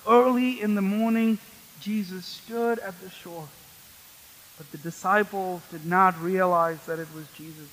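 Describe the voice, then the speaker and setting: A man's voice: high-pitched, fairly even intonation, a little slow, fairly bright tone, in a large hall, poor audio. A man preaching a sermon as pastor in a church, conversational and asking the congregation questions.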